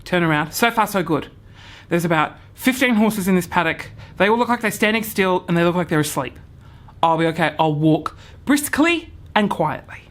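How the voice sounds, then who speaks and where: A young man vlogging a comic story to camera, acting out his own panic with hushed whispers, swearing and sudden shouts. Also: high voice, lively intonation, normal speed.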